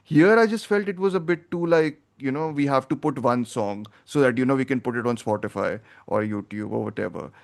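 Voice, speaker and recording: A man's voice: mid-range voice, a little fast, vocal fry, few pauses. A man hosting a film podcast, talking in a rambling, opinionated way as he thinks aloud. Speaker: podcast host. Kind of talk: casual film review chat.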